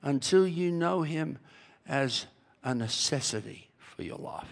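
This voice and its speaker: A man's voice: on the high side, lively intonation, measured pace, creaky. A man preaching a sermon to a congregation in a church, emphatic, with rhetorical questions and repeated key phrases. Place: church sanctuary. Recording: long hall reverb.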